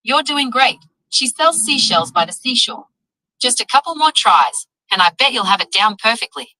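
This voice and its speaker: A woman's voice: fairly high pitch, expressive, moderate pace, bright, forceful tone, no echo, low-quality recording. A synthetic female AI assistant voice coaching tongue twisters in an upbeat, encouraging way. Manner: upbeat, encouraging, evenly paced. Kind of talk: AI assistant tutoring.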